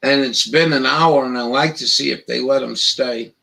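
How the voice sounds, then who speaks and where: A man hosting a casual live stream, rambling in a profane, halting way with lots of restarts. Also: mid-range voice, creaky, pushed and bright, rough recording.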